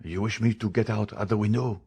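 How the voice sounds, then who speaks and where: A man's voice: on the low side, fairly even intonation, fairly quick, creaky, dark tone, slightly rough. A man reading an audiobook, voicing a cowardly, fearful thief who pleads and stammers. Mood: fearful pleading.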